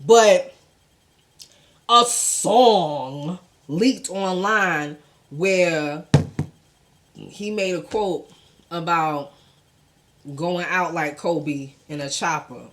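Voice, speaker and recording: A woman's voice: lowish voice, drawn-out words, long pauses, a little hiss or hum. A woman hosting a casual gossip commentary show, blunt and profane, talking in with laughing asides.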